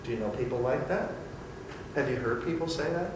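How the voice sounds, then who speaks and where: A man leading an interactive Bible study for a small group, teaching in an animated, theatrical way. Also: medium pitch, brisk, noisy background. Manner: animated and theatrical, acting out voices. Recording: echoey room from far off.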